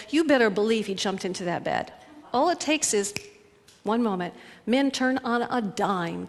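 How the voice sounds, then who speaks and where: Higher-voiced woman coaching, with hall reverb. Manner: earnest, animated, acts out little scenes. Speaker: relationship coach. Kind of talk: coaching talk to women.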